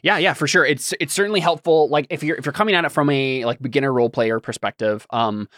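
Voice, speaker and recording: A man's voice: medium pitch, fast, a bit bright, no echo, clean studio sound. A man hosting a casual podcast chat, easygoing and affirming, with frequent fillers. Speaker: podcast host.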